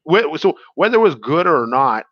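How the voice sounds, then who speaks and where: A man's voice: on the high side, very animated, moderate pace, no room sound, highs cut off. A man, a stand-up comedian guest, telling stories in a casual interview, rambling with fillers and restarts.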